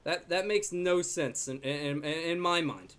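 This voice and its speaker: A man's voice: fairly high pitch, measured pace, clear, resonant tone. A young man casually commenting on his own gameplay as a video host, chatty and joking. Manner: chatty, jokey, talks to his dog in a soft baby voice. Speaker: gaming YouTuber.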